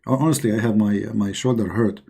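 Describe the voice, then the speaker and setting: A middle-aged man talks through a scoffing monologue, heavy with sarcasm and loose, non-native grammar. His voice sits low in brightness, mellow and a little husky. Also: steady tone, brisk. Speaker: online commentator. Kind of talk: mocking religious-critique monologue.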